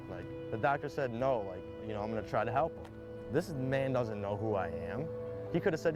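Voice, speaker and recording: A man's voice: mid-range voice, lively intonation, a little fast. A young man telling his own story candidly, rambling with lots of "like" and acted-out quotes. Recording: played clip with loud background music. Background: music.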